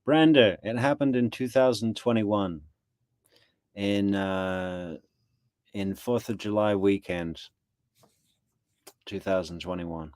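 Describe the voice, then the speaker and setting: Man, true crime commentator, lowish voice, sarcastic, casual. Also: slow, long pauses, darkish tone, smooth, no room sound. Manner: joking, sarcastic asides.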